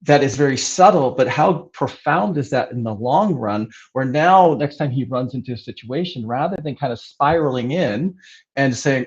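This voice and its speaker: A man's voice: medium pitch, lively intonation, normal speed. A man talking casually and earnestly about mindfulness, often checking in with "right?" and repeating words as he builds his point. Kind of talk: casual conversation. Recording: dull lo-fi sound.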